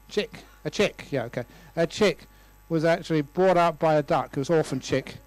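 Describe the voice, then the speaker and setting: A man's voice: on the high side, moderate pace, dry recording, poor audio. A man in his sixties, a Buddhist monk, giving a humorous dharma talk and telling stories with playful voices. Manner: storytelling with playful voices and laughs. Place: lecture room.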